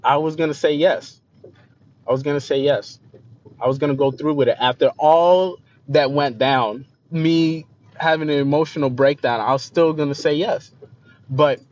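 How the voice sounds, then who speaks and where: A young man telling a personal story in a confessional way, repeating himself and often trailing off softly, on a dull lo-fi recording. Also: mid-range voice. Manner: emotional, repeats phrases, voice trails off quieter. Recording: slightly dull lo-fi recording with faint noise.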